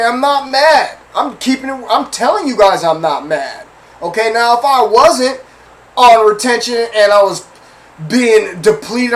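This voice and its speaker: A man with a high-pitched voice hosts a casual talk show, telling a personal story straight to his listeners. He talks in a chatty, slangy way and keeps checking in with them. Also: rough recording. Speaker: host.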